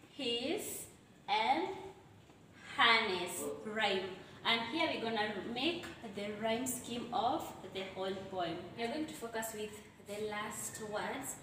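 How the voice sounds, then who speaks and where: A woman's voice: on the high side, a bit bright, recorded from a distance, a little hiss or hum. A woman teaching English literature at a board, explaining step by step and correcting herself as she goes. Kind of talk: classroom lesson at a board. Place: room with a board. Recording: very echoey room, away from the mic.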